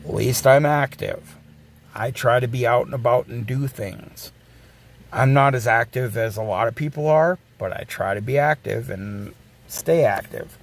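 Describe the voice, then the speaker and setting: A streamer in his forties goes on a casual, blunt rant in a gravelly mid-range voice at a measured pace. He swears and keeps circling back, restarting his sentences.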